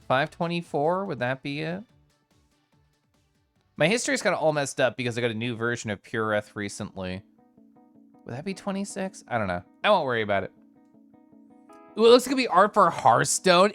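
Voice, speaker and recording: A man on a live stream talks casually with his audience, his voice slightly high and swinging up and down a great deal. He is playful and chatty, laughing and tossing in silly noises, with soft music faintly underneath. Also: huge pitch swings, moderate pace, long pauses.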